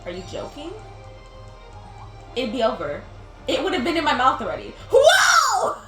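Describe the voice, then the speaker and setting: Her voice a little high and fairly bright, this young woman speaks at normal speed with big pitch swings. She's a gaming video host who rambles, laughs, and says "like" often while playing, recorded in a roomy space with game music behind.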